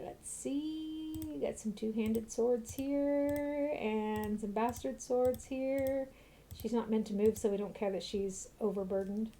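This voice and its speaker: A woman's voice: on the high side, mellow, a little hiss or hum. Chatty woman commenting on a game. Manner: chatty, self-mocking. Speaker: let's play streamer.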